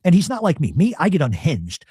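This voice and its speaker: A man's voice: a little high, a little fast, breathy edge, dry recording, studio quality. A man telling a long, profane family story in casual talk, animatedly acting out what people said. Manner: profane, animated, acts out quotes.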